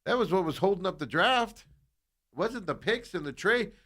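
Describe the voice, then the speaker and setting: A man co-hosting sports talk radio, telling stories in an excitable, animated way. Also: high-pitched, normal speed.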